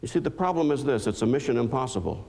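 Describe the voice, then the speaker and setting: A man's voice: medium pitch, animated, quick pace, creaky, warm tone. Male psychologist lecturing, earnest, emphatic storyteller, mid-range voice. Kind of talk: motivational lecture.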